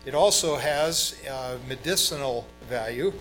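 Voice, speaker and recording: Man, pastor, middle-aged, raised in Brazil, relaxed sermon delivery, emphatic stresses, soft music in background. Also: mid-range voice, measured pace, poor audio. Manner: conversational, with fillers and emphatic stresses.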